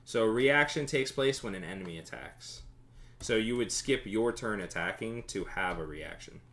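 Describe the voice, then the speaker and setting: A man's voice: fairly low pitch, animated, moderate pace, a bit bright. A man running a tabletop game as game master, narrating combat vividly and explaining rules.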